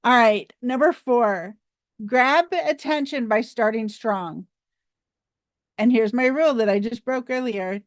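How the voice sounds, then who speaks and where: A woman with a fairly high voice teaches storytelling to camera, upbeat and animated, with a playful streak. The sound is dry and close, with no room echo. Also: measured pace. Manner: animated, playful, laughs at herself. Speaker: public speaking coach. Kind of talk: instructional talk to camera.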